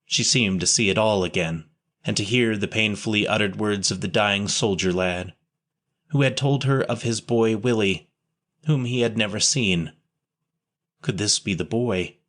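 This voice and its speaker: A man's voice: on the low side, unhurried, a bit bright. Man narrating an old memoir. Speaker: audiobook narrator. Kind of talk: reading a historical memoir aloud.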